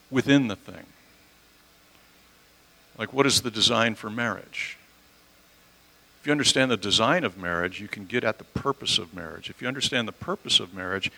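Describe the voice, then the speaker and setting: A man's voice: mid-range voice, pushed and bright, rough recording. A man preaching a conversational teaching sermon, using homely examples and correcting himself as he goes.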